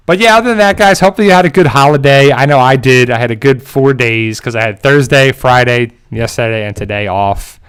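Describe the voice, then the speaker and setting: Reading chat messages from viewers, a channel host on a casual livestream rambles and jokes, chuckling a lot. He speaks at a moderate pace with medium pitch and a fairly bright, clean tone.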